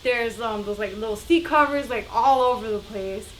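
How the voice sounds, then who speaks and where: A young woman telling a story in a casual vlog, chatty and animated, acting out the other people's voices. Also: a little high, moderate pace, slight background noise. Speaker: vlogger.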